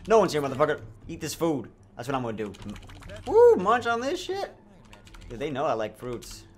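A young man giving comedic, joking commentary over a video game, often breaking into loud sworn outbursts. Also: fairly high pitch, huge pitch swings, moderate pace. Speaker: gaming YouTuber.

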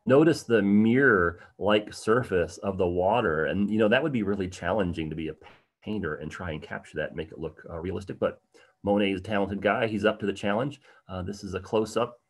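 A man's voice: sits low, a little fast. A man presenting an art history livestream to his viewers, speaking conversationally with frequent ums and uhs and taking questions from the chat. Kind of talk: livestream slideshow lecture.

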